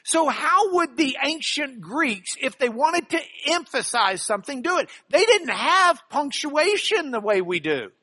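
A middle-aged man teaching a Bible class in a lively lecture style, animated and jokey, with playful asides. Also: very high-pitched, a little slow, few pauses.

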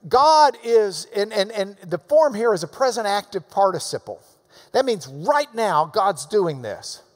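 A man preaching with a high, lively voice that leaps up and down in pitch. He delivers the sermon emphatically, swinging from loud urging to hushed asides. His voice rings with the long reverb of a big church hall. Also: a little slow.

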